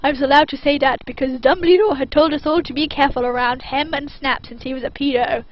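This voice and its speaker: Woman, high voice, deadpan mock-serious fan fiction reading, dull lo-fi recording. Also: fast, no room sound. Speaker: reader.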